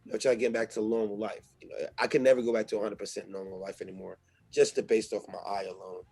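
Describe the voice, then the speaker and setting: A man talking as a guest in a casual interview, loose, slangy and animated, with a husky voice. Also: lowish voice, quick pace, dry recording.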